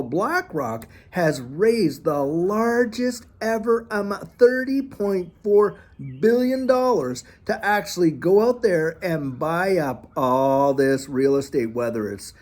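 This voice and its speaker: A man hosting a finance channel, giving a folksy, animated commentary monologue and repeating phrases as he talks. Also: a little high. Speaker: crypto channel host.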